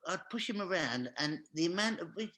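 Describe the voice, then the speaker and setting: A man's voice: sits high, lively intonation, fairly quick, pushed and bright, a little hiss or hum. A man, a guest on a chat show, telling a comic anecdote and acting out each scene with animation.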